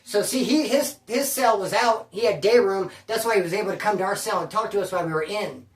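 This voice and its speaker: A man recounts his own prison story in casual first person, packed with street slang and calling the listener "bro." His voice is high and quick, sounding roomy and far from the mic.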